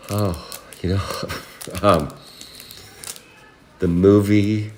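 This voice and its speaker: Low-voiced man hosting a card break. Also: measured pace, long pauses. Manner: rambling, chatty, talks to viewers by name. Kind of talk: casual live card-breaking chat. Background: music.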